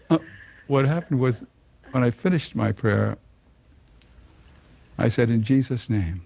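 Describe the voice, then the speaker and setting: Older man, gravelly, dry close sound, personal testimony, folksy, chuckling storyteller. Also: mid-range voice, normal speed, darkish tone, no room sound. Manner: chuckling, folksy storyteller who laughs often. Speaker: speaker giving a personal testimony. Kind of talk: personal conversion story told to an audience.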